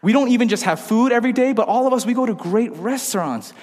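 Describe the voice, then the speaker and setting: A young man, casual and joking, telling stories in an animated way. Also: very high-pitched, quick pace. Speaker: pastor. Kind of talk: sermon. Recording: long hall reverb.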